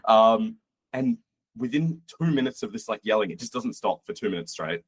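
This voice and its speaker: A man's voice: fairly low pitch, a little fast, husky, no room sound. A young man from Australia, a podcast guest, telling travel stories casually and animatedly, acting out quotes. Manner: animated, acts out quotes, swears. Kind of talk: casual storytelling.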